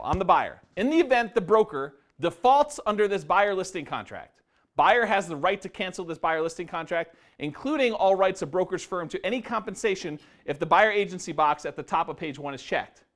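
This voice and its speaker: In a meeting room before a live audience, a man presents a seminar on real estate investing and keeps quizzing the crowd with questions. His voice sits high and sounds a bit bright.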